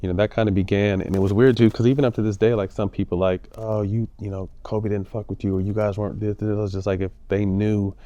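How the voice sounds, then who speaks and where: A former pro athlete in his forties, casually telling a long story as a podcast guest, relaxed and profane, often repeating words as he searches for the next one. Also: fairly low pitch, quick pace, hardly any pauses, lo-fi sound. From United States.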